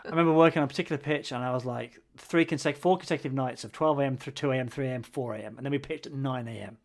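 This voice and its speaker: Gravelly man grumbling wryly. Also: medium pitch, racing. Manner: wry, grumbling humor with frequent restarts. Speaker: podcast co-host. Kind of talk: casual chat.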